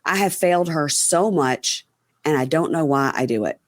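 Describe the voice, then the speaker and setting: A woman's voice: deep voice, lively intonation, normal speed, dry recording, studio quality. A woman hosting a casual podcast, recapping a reality episode and acting out people's lines, with frequent ums and swearing. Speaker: podcast host.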